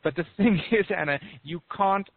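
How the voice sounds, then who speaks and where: A man's voice: sits high, normal speed, vocal fry. Man giving advice over a tinny phone line. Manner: storytelling, acts out small voices in anecdotes. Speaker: relationship coach guest. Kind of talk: casual advice on a call.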